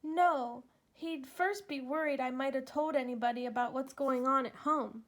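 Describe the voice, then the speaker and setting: A woman's voice: high-pitched, normal speed, close to an everyday voice. A woman voicing a timid, tearful little girl. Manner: pleading, apologetic, tearful. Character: timid frightened young white girl.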